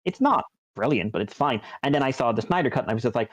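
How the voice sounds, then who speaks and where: A man's voice: medium pitch, rapid-fire, hardly any pauses, no room sound. Guy rambling thru a podcast chat, lots of ums, dull dry lo-fi mic. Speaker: podcast co-host. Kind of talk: casual chat.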